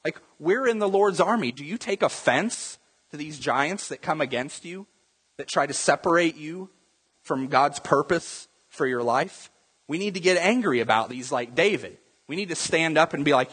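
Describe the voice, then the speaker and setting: Husky preacher in a echoing church. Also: male voice, fairly high pitch, lively intonation, normal speed, a bit bright. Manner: conversational, acts out Bible scenes in voices. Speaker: pastor. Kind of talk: sermon.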